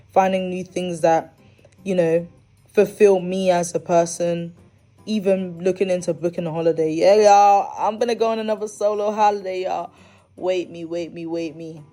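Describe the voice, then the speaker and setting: Candid young woman with a mellow voice. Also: on the low side. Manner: candid, animated, slangy, with dramatic asides. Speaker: podcast host. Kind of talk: casual monologue.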